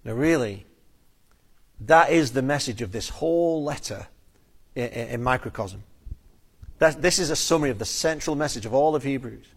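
A man preaching an expository sermon, earnest and emphatic, slowing down on key phrases and sometimes repeating words. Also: medium pitch, animated, husky.

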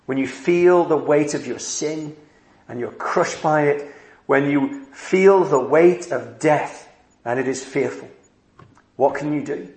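A man preaching a sermon in slow, emphatic phrases with dramatic pauses. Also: mid-range voice, echoey room, rough recording.

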